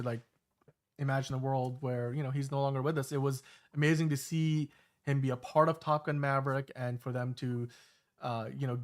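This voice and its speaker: A man in his thirties hosting a casual podcast chat, talking in a rambling way with many fillers and restarts. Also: mid-range voice. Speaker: show host.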